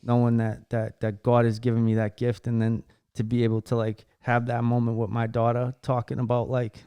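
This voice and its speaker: A man's voice: mid-range voice, mellow, smooth, no echo, studio quality. A man hosting a casual podcast, telling a heartfelt story in a rambling way, cursing casually and restarting his sentences often. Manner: many fillers and restarts while storytelling. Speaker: podcast host.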